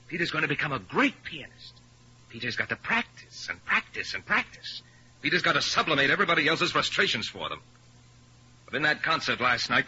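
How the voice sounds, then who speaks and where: A man's voice: a little high, sharp tone, slightly rough, full character voice. A man playing a bitter young pianist in a 1950s radio drama, talking with scorn and sarcasm. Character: bitter young male pianist rejecting his career. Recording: lo-fi old radio recording.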